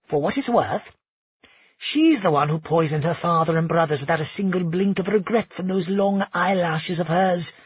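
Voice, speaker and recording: A man doing a sneering, higher-voiced assassin prisoner. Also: very animated, extremely slow, few pauses, darkish tone, slightly rough, no room sound, muffled recording, exaggerated voice. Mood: sneering taunts. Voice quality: mocking, sneering. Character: sarcastic male former assassin prisoner, taunting.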